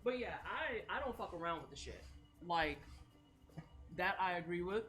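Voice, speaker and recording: A woman streamer chatting casually while baking, animated and slangy, swearing freely. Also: on the low side, moderate pace, faint music behind.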